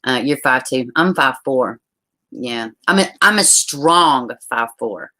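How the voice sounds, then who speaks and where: A woman's voice: rumbling low, lively intonation, measured pace, bright, forceful tone. A woman hosting a casual livestream, chatting with viewers and reading their comments aloud. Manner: chatty, reads out viewer comments, uses y'all. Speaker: livestream host.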